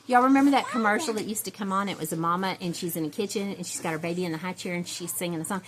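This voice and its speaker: A woman's voice: lowish voice, rapid-fire, a little hiss or hum. A woman, chatting casually to her viewers at home in a rambling way, full of fillers and restarts. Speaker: vlogger.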